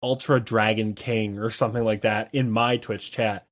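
A man's voice: lowish voice, fairly even intonation, normal speed. A man chatting casually on a gaming podcast, ranting animatedly and mocking beggars in silly voices. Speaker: co-host, streamer.

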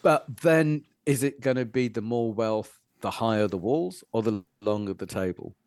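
A man's voice: medium pitch, moderate pace, darkish tone, dry recording, clean studio sound. A man speaking as a podcast guest, earnest and reflective, posing rhetorical questions. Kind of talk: reflective conversation.

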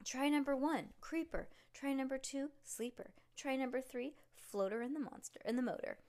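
Woman doing a loud hyped bowling pin announcer. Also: high-pitched, normal speed, pitched above the performer's own voice. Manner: shouty hyped announcer patter. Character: loud upbeat man in a bowling pin costume. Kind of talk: reading a picture book aloud.

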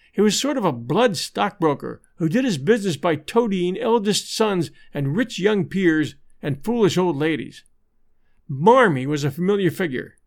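Male narrator reading an old adventure book, pretty high voice, steady measured pace. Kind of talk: scripted audiobook narration.

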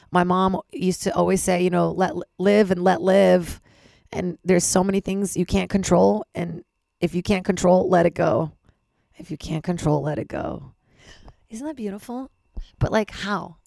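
This Los Angeles-based podcast host is a young adult woman with a lowish, creaky, darkish voice that's slightly lost and a little worn. She delivers a candid personal monologue, rambling with self-deprecation and casual swearing, in studio-quality audio with no echo.

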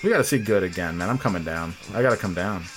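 A man's voice: sits low, expressive, fast, music in the background. A man hosting a comedy podcast, joking around in loose, profane casual chat. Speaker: podcast host.

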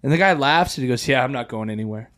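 A man's voice: mid-range voice, quick pace. A man co-hosting a podcast, telling a story in casual chat, acting out voices, swearing and laughing often. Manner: animated, acts out quoted voices, swears a lot, laughs often. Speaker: podcast co-host.

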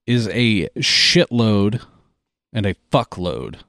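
Man, gravelly low voice, easygoing co-host, dry room. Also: expressive, slow pace, fairly bright tone, no echo. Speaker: podcast co-host. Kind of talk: casual chat.

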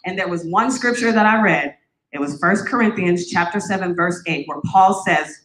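A woman's voice: medium pitch, expressive, moderate pace, fairly bright tone. Woman giving testimony in echoey church. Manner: candid, joking, conversational. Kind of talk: personal testimony talk.

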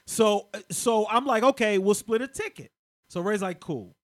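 A man telling a comic story in a podcast chat, laughing, swearing and acting out other people's voices. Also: moderate pace. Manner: loud laughing delivery with sudden pitch jumps. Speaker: comedian guest.

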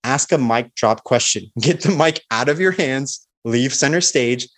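A man of ordinary pitch explains, confident and instructive, how to open a sales call. He talks through each step in a clear, practical way. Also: measured pace, fairly bright tone. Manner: confident, instructive, acts out sample calls. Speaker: sales expert guest.

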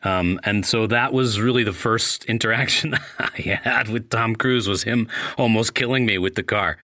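A man's voice: on the low side, normal speed, pushed and bright. A man, an actor guest, telling a wry anecdote full of quoted dialogue.

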